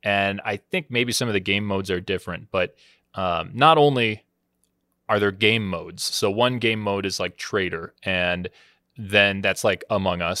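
A man's voice: low-pitched, dry recording, studio quality. A man in casual podcast chat about games, telling stories animatedly and acting out what people said. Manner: animated storyteller, acts out quoted lines. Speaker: podcast co-host.

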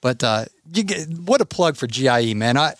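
In a mid-range voice and at a fairly quick pace, a podcast host tells stories casually, acting out what other people said. The sound is clean studio audio with no echo.

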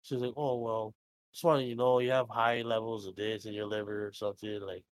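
A man's voice: lowish voice, little pitch movement, a little fast. A young man co-hosting a podcast, telling a story in a rambling, casual way, swearing freely and acting out both sides of conversations. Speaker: podcast co-host.

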